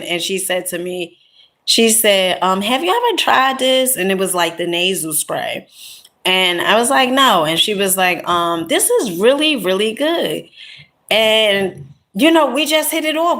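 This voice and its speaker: A content creator with a mid-range voice tells a loose, rambling story in her vlog. She chats warmly, restarts often, and fills gaps with "um" and "you know." She keeps calling her viewers honey and my love.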